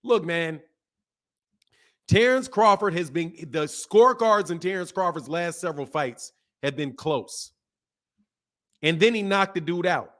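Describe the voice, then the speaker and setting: A man hosting a boxing channel, talking casually and with energy, repeating phrases and using slang. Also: fairly high pitch. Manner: animated, repeats himself, laughs, slangy.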